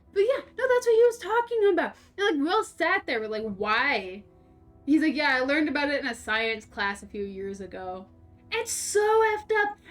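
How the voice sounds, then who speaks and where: A young woman streaming a game, rambling through a story in casual chat, laughing and swearing freely. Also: sits high. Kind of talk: casual storytelling while playing.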